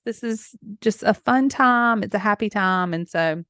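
A woman's voice: medium pitch, unhurried, fairly bright tone, no echo. Effusive woman podcast host, dry sound. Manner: effusive and emotional, with small laughs. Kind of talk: solo podcast monologue.

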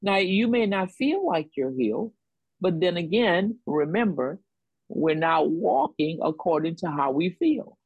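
A woman's voice: fairly low pitch, expressive, measured pace, husky, no echo, narrow, tinny audio. A woman preaching a sermon on faith and healing, repeating phrases for emphasis in a call-and-response rhythm.

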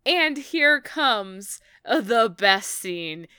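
A woman chatting about a TV episode, excitable and swearing as she laughs through her recap. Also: a little high, drawn-out words, clean tone, dry recording, clean studio sound. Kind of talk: casual chat recapping a TV episode.

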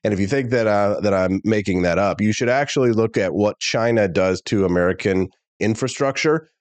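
A male talk show host delivering an animated, opinionated monologue straight to viewers. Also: fairly low pitch, brisk, dry recording.

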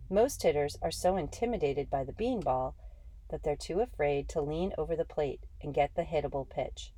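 A woman reading a first-person story aloud in a steady, measured way. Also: sits low, no room sound. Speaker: audiobook narrator.

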